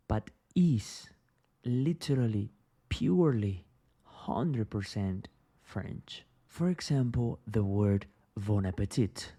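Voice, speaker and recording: Slow, emphatic teacher. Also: male voice, lowish voice, mellow. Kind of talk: English lesson.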